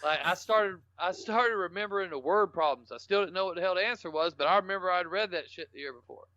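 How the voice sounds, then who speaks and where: A man's voice: high-pitched, fast, bright, forceful tone. A man, a podcast guest telling rambling, salty, joking stories in casual talk. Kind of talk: casual storytelling interview. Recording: dull lo-fi podcast audio.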